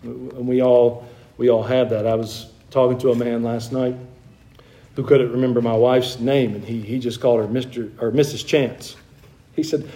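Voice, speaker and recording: A man's voice: medium pitch, flat delivery, normal speed, mellow, a little hiss or hum. A man preaching a sermon in a folksy storytelling way, full of personal anecdotes, often repeating phrases and restarting. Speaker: pastor.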